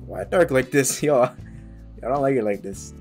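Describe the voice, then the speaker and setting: A young man casually commenting while playing a game, excitable and swearing, yelling at sudden scares. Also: mid-range voice, normal speed, soft background music. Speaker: gaming YouTuber.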